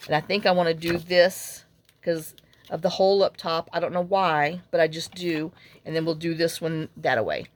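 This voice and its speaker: A woman's voice: low-pitched, normal speed. A woman hosting a casual crafting tutorial, chatty and rambling as she talks viewers through her work. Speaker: crafting channel host.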